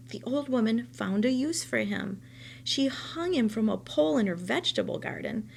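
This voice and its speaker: A woman teacher reading a children's novel aloud, telling the story in a steady, expressive way. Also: on the high side, vocal fry, slight background noise.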